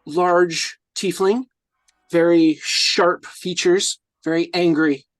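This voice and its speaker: A woman's voice: on the low side, steady tone, slow, no room sound. A woman playing in a tabletop game, casual, swearing and laughing as she checks her rules. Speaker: player.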